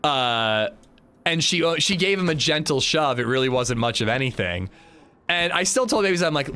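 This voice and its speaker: A man's voice: fairly high pitch, expressive, normal speed, pushed and bright, clear, resonant tone. A man livestreaming a game, chatting casually and telling stories, swearing and acting out the quotes. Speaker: streamer. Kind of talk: casual livestream chat while gaming.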